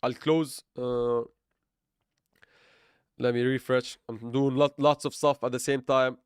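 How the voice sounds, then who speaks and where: A man's voice: medium pitch, little pitch movement, slow pace, smooth, no echo, studio quality. A man livestreaming his crypto trades, rambling and correcting himself, with playful sarcasm and frequent laughs. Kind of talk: live trading stream chat.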